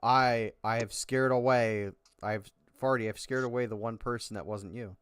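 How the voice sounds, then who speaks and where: A man hosting a stream, chatting casually in a rambling, self-correcting way and joking about his low viewer count. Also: steady tone, moderate pace, smooth, dry recording, studio quality. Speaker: stream host. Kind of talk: casual chat.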